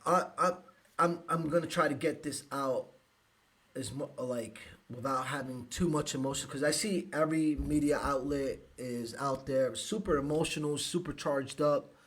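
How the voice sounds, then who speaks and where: A man from the United States hosting a live podcast, speaking emotionally with halting restarts and sighs. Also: medium pitch, a bit bright. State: emotional, close to tears. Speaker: podcast host.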